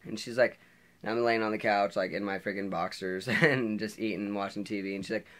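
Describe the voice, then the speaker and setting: A teenage boy vlogger tells a storytime monologue in a lowish, steady, slightly bright voice, speaking a little fast. He rambles, hedging a lot and correcting himself, with many fillers and restarts.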